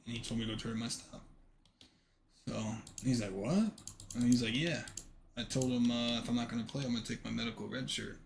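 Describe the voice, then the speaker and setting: A man's voice: medium pitch, little pitch movement, fast, vocal fry, slight background noise. A man streaming a game, telling a story casually and animatedly, swearing freely and acting out the dialogue.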